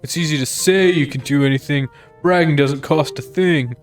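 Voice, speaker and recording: A man's voice: fairly high pitch, normal speed, faint music behind, natural voice. A man reading as a sulky young prince. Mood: petulant. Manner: petulant, scornful.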